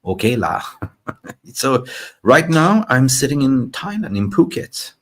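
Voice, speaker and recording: A man from Sweden hosting a fan live stream, chatting excitably and reading out viewer comments. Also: medium pitch, slow pace. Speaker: fan channel host. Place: in Thailand.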